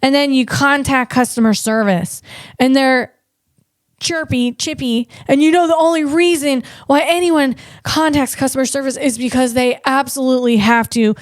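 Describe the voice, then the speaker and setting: A woman comedian hosting a tech podcast, talking in an animated way and tripping over her words. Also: high-pitched, moderate pace, no room sound, clean studio sound. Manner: animated, stumbling over words, acts out voices.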